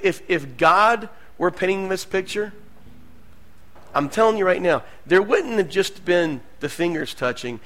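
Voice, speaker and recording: A man preaching a sermon as pastor, moving between hushed asides and loud, emphatic lines. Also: on the high side.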